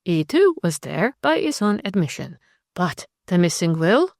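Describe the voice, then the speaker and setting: A woman narrator voicing a cool, calculating woman conspirator who talks with composure and jumps to sharp, bright rises. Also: fairly low pitch, sing-song, measured pace, no room sound, clean studio sound.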